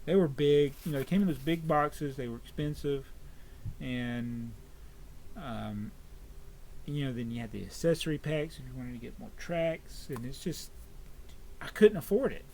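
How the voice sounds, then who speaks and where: A man's voice: mid-range voice, normal speed, vocal fry, darkish tone, slight background noise. A man in his thirties, hosting a casual chat and rambling through a list, often correcting himself. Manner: rambling, self-correcting, chatty collector. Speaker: host.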